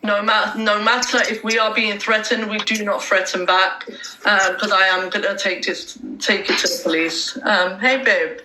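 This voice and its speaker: A woman's voice: mid-range voice, fairly even intonation, normal speed, reverberant, background noise. A woman hosting a casual livestream, hesitant and full of ums, talking to her viewers and reading chat aloud. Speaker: livestream host.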